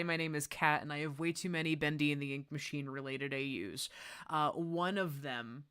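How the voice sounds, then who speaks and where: A young adult woman chatting casually on a livestream while she draws, excitable and gushing, laughing often. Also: low-pitched. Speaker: art streamer.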